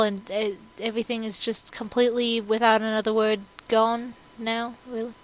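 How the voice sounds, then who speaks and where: A woman chatting casually as a co-host, rambling through animated analysis. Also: fairly high pitch, fairly quick, hardly any pauses, rough recording. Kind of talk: casual chat.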